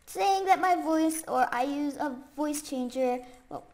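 A young woman with a very high voice that sounds stuffy and congested from a cold. She rambles casually through game commentary, full of fillers and sudden excited squeals, and she talks at an unhurried pace. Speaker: gaming YouTuber.

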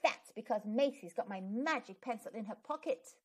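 An earnest, generous little schoolboy from a storybook, as a woman puts him on. His voice sits high and bounces with childish eagerness. He sounds open and kind. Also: animated, moderate pace.

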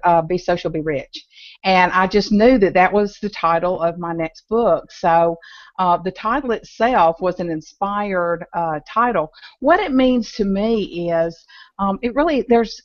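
A woman's voice: on the low side, no room sound. Southern woman author, dry lo-fi audio. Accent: Southern American. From American South. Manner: warm, earnest, laughs easily, many uh fillers. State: hot and flustered. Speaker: author and guest. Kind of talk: interview conversation. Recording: dull, dry lo-fi home webcam audio.

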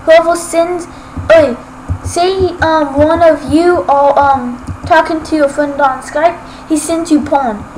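A woman's voice: high-pitched, fairly even intonation, slow pace, a little mellow. A woman giving rambling, casual gameplay commentary as a Let's Play gamer, often ranting at haters. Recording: noisy homemade recording.

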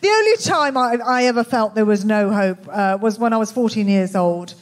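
A woman with a Birmingham accent performing a stand-up comedy set in a club, with a dry, deadpan, self-mocking delivery. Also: fairly high pitch, moderate pace. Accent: Birmingham English. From England. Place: comedy club with live audience.

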